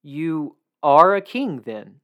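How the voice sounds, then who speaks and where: A man voicing a stern Roman governor who questions a prisoner in a measured way during a scripture reading. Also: fairly high pitch, big pitch swings, a bit bright, lo-fi sound, exaggerated voice.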